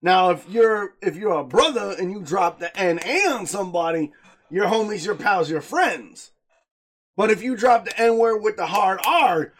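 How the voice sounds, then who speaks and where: A young man co-hosting a podcast, chatting casually, animated and laughing a lot as he acts out quotes. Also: high-pitched, normal speed. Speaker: podcast co-host. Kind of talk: casual chat.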